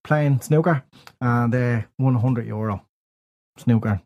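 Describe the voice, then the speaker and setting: A man in his thirties co-hosting a podcast, excitable and argumentative in casual banter. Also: medium pitch, a little slow. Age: 30s. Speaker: podcast co-host.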